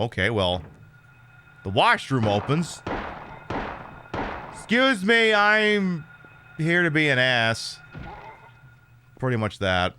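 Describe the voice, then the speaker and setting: Lively joking male game streamer. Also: fairly low pitch. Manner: joking, sarcastic and rambling, swears casually. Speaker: streamer playing a horror game. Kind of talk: casual let's-play commentary.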